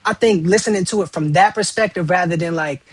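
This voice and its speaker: A man in his thirties in casual chat, talking in animated slang and acting out quoted lines. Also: high voice, a little fast, a little hiss or hum. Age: 30s. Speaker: podcast guest.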